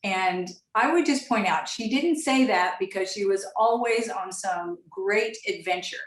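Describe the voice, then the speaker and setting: Middle-aged woman guest, steady storytelling, roomy sound from afar. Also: medium pitch. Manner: measured storytelling, frequent restarts. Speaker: retired airline captain, guest. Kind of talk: interview answers over a call. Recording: echoey, distant mic.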